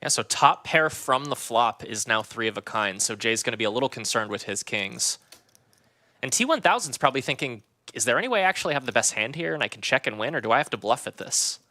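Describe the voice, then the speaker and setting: Guy doing poker commentary, bright tone, dry close mic, explains what the player's thinking. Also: medium pitch, expressive, quick pace, no room sound. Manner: analytical, talks through a player's thinking.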